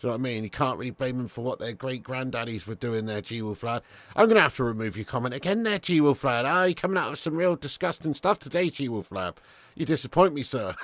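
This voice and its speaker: Male watch-along host, mid pitch, casual sweary chat, dry close sound. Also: expressive, fairly quick, a bit bright, no echo. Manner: casual and chatty, swears, calls viewers lad. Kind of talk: live football watch-along commentary, reading chat.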